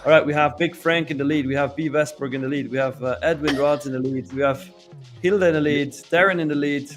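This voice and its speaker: Laughing, excitable male stream co-host. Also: a little high, music in the background. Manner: laughing, excitable, calls names out quickly. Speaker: co-host running a giveaway. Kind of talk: casual live-stream chat.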